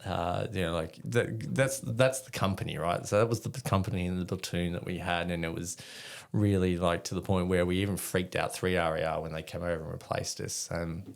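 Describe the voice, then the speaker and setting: A man's voice: sits low, fairly even intonation, fairly quick, creaky, few pauses. An Australian man, a podcast guest, telling rambling, swear-filled stories in casual chat. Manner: swears freely, rambling anecdotes with quoted dialogue. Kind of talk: casual storytelling.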